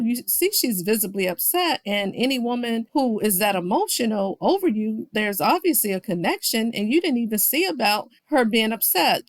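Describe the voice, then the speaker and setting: A woman's voice: a little high, dry recording. A woman recapping a reality show in casual commentary, talking straight to her viewers and quoting people with playful shifts of voice. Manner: chatty, quotes people with playful voice swings.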